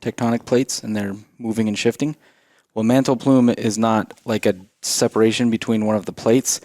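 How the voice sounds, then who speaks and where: A podcast co-host explains things at length in casual, laid-back chat. His lowish voice has a darkish tone, fairly even intonation, and a moderate pace, recorded at studio quality with no room sound.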